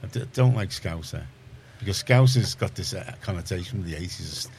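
Liverpool man, radio host, very low voice, rambling chatty talk with faint background hiss. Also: brisk, darkish tone. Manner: rambling, chatty, many restarts. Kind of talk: casual studio chat. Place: community radio studio.

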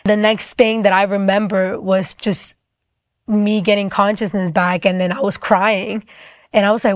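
A young woman telling a personal testimony story in a fast, chatty way, full of "like" fillers. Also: medium pitch, flat delivery, no echo, studio quality.

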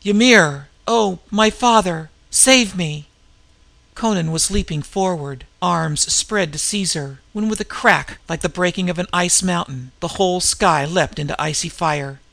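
Gravelly-voiced man narrating adventure. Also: fairly high pitch, pushed and bright, dry recording. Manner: measured, vivid storytelling. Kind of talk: dramatic audiobook narration.

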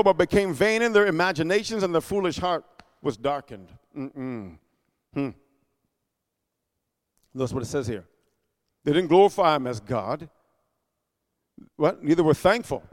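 A male preacher giving an emphatic sermon, calling out for amens and swinging between shouting and hushed asides. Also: sits high, in a large hall.

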